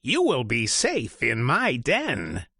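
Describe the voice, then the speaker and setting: A man's voice: mid-range voice, huge pitch swings, slow pace, creaky, sharp tone, breathy edge, no room sound, clean studio sound, heavily acted. A man doing a sly, coaxing fox. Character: hungry sly male fox, sweet-talking.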